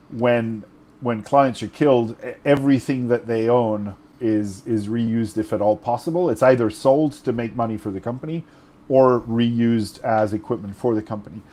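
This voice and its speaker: Casting: male game master, French native speaker, mid-pitched, loose explanatory narration. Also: moderate pace, darkish tone. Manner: rambling, self-correcting explanations.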